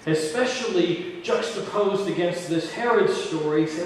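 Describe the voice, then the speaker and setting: Male pastor, relaxed conversational sermon; long hall reverb, faint noise underneath. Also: on the high side, moderate pace. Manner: conversational preaching with asides and quoted dialogue. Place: large church sanctuary. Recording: echoey church hall from far off.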